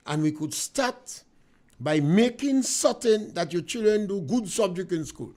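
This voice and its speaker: A middle-aged Grenadian man hosting a radio talk show, delivering an emphatic, preachy monologue with swings of loudness. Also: high voice, lively intonation, measured pace.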